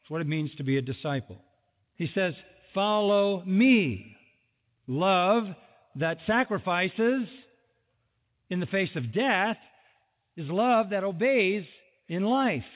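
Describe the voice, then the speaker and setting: A man preaching a sermon in an animated way, full of rhetorical questions and mock exasperation. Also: high voice, unhurried, long pauses. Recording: phone-like audio in a large echoing hall.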